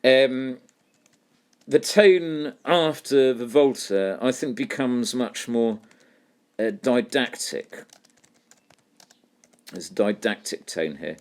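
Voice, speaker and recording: A man teaching a poetry lesson, explaining terms and reading lines aloud slowly. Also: mid-range voice, animated, darkish tone.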